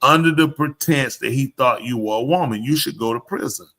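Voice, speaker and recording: Male live-show podcast host with a bright, forward voice at an ordinary pitch, blunt and opinionated, talking straight at the room. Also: a little fast. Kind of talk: casual chat.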